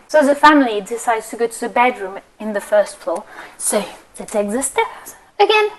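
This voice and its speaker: A woman leading a children's yoga class through a story, playful and expressive, with a sing-song delivery. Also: on the high side, normal speed, rough recording. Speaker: kids yoga teacher.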